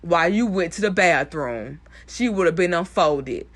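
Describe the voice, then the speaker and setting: A young woman giving a blunt, animated recap of a TV episode, swearing freely. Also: lowish voice, normal speed. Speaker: TV recap vlogger. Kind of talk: casual profane show recap.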